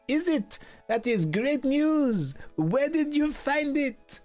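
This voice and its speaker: A man's voice: extremely high pitch, sing-song, slow, darkish tone, faint music behind, voice pushed up, full character voice. A man voicing a polite male museum curator with a shifting put-on accent, formal and welcoming.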